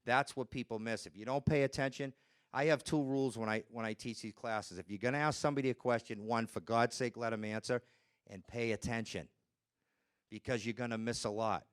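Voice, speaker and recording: A man lecturing on nonverbal communication as a trainer, animated and acting out other people's voices as he presents with slides. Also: mid-range voice, a little fast, clean tone.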